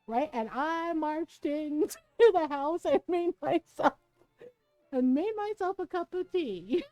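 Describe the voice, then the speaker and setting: A woman streamer chatting casually while gaming, telling an animated, profane story with frequent laughter. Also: high-pitched, takes it slowly, dry recording, lo-fi sound, soft background music.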